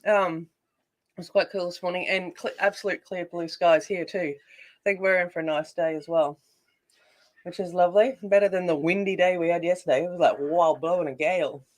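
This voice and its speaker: An Australian woman hosting a casual colouring livestream. She chats while she works, greets viewers by name and thinks out loud. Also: on the low side, fairly even intonation, fairly quick. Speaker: adult colouring livestream host.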